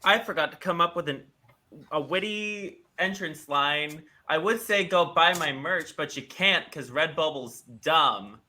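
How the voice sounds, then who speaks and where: Co-host type: man from Florida, forceful bright voice, slightly high, wry delivery. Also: unhurried. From Central Florida. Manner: wry, self-mocking. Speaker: podcast co-host. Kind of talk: casual chat.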